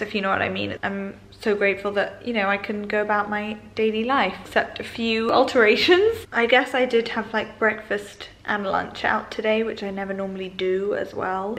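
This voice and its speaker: A woman's voice: medium pitch, a bit bright. A young woman talking openly and chattily to her camera at home, with lots of "like" fillers. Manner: open, confiding, chatty with many "like" fillers. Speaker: vlogger. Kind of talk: candid casual vlog talk to camera.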